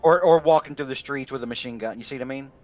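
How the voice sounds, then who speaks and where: A man's voice: medium pitch, quick pace, a little mellow, soft background music. A man running a tabletop game as game master, chatting casually and rambling with plenty of fillers and restarts.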